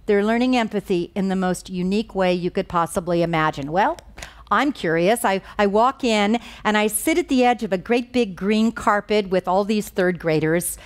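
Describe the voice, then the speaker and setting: A woman giving a lecture on moral education, telling stories in an earnest, emphatic way. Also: mid-range voice. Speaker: guest speaker on moral education. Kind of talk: lecture with storytelling.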